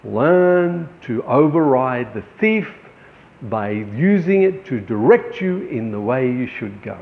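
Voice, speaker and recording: A man's voice: medium pitch, lively intonation, slow, vocal fry. A man, a painter, giving an encouraging motivational talk to fellow artists, calling them friends. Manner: encouraging, addresses viewers as friends. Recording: echoey, tinny phone-like sound.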